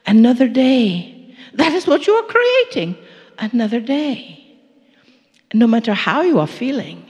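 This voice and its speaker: A woman's voice: fairly high pitch, a little mellow. Playful woman channeler in a reverberant hall. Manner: playful, coaxing, chuckling asides. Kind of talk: channeled spiritual talk.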